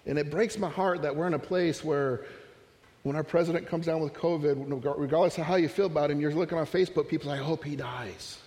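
Man, pastor, relaxed storytelling sermon, slightly higher voice, reverberant church sound. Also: fast talker. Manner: conversational, storytelling with asides and humor.

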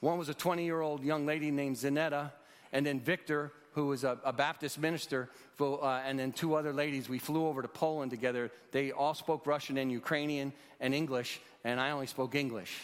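A man's voice: mid-range voice, fairly even intonation, a little fast. A man in his sixties, leading a rescue mission, telling a testimony in an earnest storytelling preacher's manner. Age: 60s. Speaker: rescue mission leader speaking at churches. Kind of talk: testimony talk in a church. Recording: long hall reverb.

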